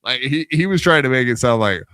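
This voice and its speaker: A man's voice: medium pitch, expressive, brisk, bright, forceful tone, clean tone, dry recording. A man co-hosts a podcast in casual, profane commentary. He mocks and scoffs at what he hears. His voice sits in a middle register and sounds dry and close. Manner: mocking, incredulous, swears freely. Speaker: podcast co-host.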